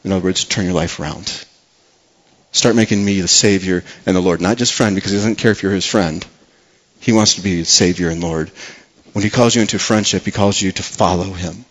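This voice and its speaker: Earnest male pastor preaching softly. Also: fairly quick. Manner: earnest, drops soft and low on key phrases; repeats words as he builds emphasis. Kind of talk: sermon.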